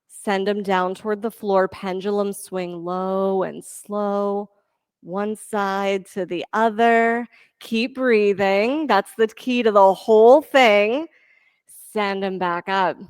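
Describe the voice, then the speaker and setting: A woman teaching a yoga class, giving steady counting cues and encouraging her students. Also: mid-range voice, slow pace, clear, resonant tone, no echo, studio quality. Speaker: yoga instructor. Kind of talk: leading a live yoga class.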